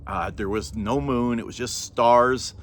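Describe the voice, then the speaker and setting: A man's voice: medium pitch, steady tone, unhurried. A middle-aged man telling a personal story to camera in a rambling, chatty way, often breaking into laughter and apologizing.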